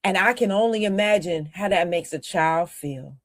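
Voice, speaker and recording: A woman's voice: lowish voice, moderate pace, dry recording. A woman giving blunt, heated commentary as the host of a talk show. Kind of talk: casual commentary.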